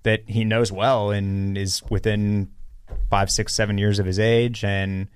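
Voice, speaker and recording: A man co-hosting a casual podcast, talking in an animated way with frequent restarts and fillers. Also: fairly low pitch, clean tone. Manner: animated, halting restarts, lots of "like". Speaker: podcast co-host.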